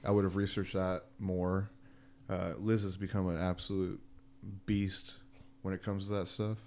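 Low-voiced young man chatting casually. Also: moderate pace, a little hiss or hum. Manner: relaxed, jokey, says "like" often. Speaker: podcast co-host, small business owner. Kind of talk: casual podcast chat.

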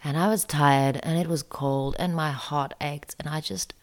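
A woman telling a personal story in a soft, confessional way that often drops close to a whisper. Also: low-pitched, fairly even intonation, moderate pace.

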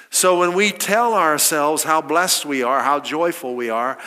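Bright-voiced preacher in a reverberant hall. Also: male voice, a little high, measured pace, hardly any pauses. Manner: emphatic, rhetorical questions, quoting scripture. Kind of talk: sermon.

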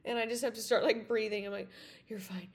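Chatty woman podcaster, rather high voice. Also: flat delivery, quick pace. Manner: chatty, full of "like" and "you know", many restarts. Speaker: podcast host. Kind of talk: casual rambling storytelling.

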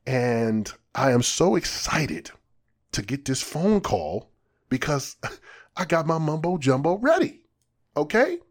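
A man's voice: a little high, sing-song, slow pace. A man hosting a podcast, explaining and telling a story in a casual way with playful, self-mocking asides. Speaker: podcast host.

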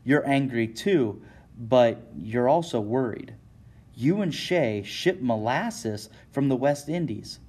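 A man's voice: medium pitch, animated, slow, a little mellow, husky. Man narrating a dramatic story. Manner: dramatic second-person storytelling.

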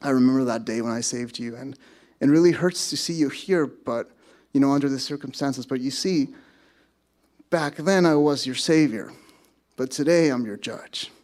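A man voicing a stern middle-aged judge who speaks gravely and slowly. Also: darkish tone, close to an everyday voice. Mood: solemn. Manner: grave, low and measured.

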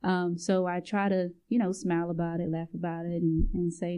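A woman who is a guest on a podcast, talking in a relaxed, conversational way with casual phrasing. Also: fairly low pitch, normal speed, few pauses, clean tone, narrow, tinny audio. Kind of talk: casual interview talk.

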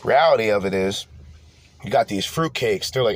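A man's voice: lowish voice, moderate pace. A man hosting a podcast, ranting casually with lots of swearing, restarts and repeated phrases. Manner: animated, profane, rambling with repeated restarts. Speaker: podcast host. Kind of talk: casual profane rant.

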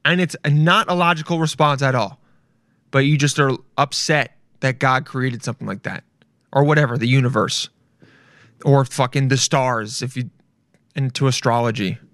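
Loud, excitable man hosting a podcast. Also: mid-range voice, moderate pace, no room sound, studio quality. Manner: loud, excitable, swearing, rambling. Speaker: podcast host. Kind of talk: casual solo podcast chat.

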